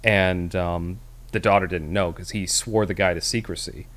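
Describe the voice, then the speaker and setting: A man's voice: low voice, steady tone, moderate pace, fairly bright tone. A man co-hosting a casual movie review chat, rambling with many fillers and restarts. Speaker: podcast co-host.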